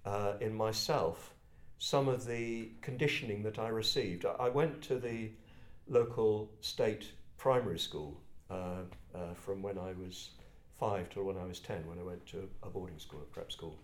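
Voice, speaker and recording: An older English man from Kent telling personal stories to a group in a reflective, halting, self-deprecating way. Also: on the low side. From England, Kent. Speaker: speaker addressing a group. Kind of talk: personal storytelling talk. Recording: roomy echo.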